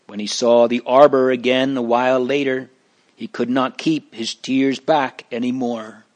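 Slow, measured male storyteller. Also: mid-range voice, level tone. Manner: slow, measured, plain reading. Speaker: narrator. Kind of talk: storybook narration.

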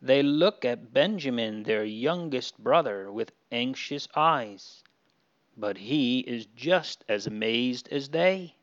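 Slow-reading man telling a Bible story. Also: medium pitch, fairly bright tone, dull audio. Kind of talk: Bible story read to children.

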